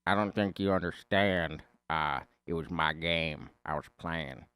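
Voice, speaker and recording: A man's voice: sits low, clear, resonant tone, no echo, pitched below the performer's own voice. A man mumbling as a shy, awkward young guy. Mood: stubborn. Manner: quiet, hesitant, halting.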